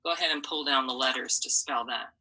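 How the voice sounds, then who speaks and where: A woman's voice: very deep voice, fast, pushed and bright, breathy edge, poor audio. A woman teaching a phonics lesson to children, patiently sounding out letters and syllables and encouraging them.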